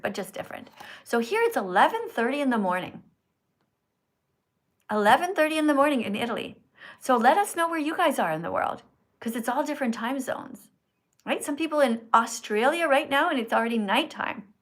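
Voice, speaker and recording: A woman hosting a live stream from her phone, talking earnestly and in a preachy, teacherly way to her viewers. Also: a little high. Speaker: livestream host. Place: indoors in Italy.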